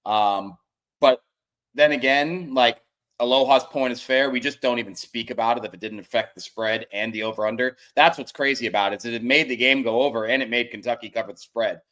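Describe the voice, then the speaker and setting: A man's voice: medium pitch, brisk, a bit bright. A man co-hosting a sports betting podcast, blunt and profane, hammering his points with emphasis. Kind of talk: casual chat.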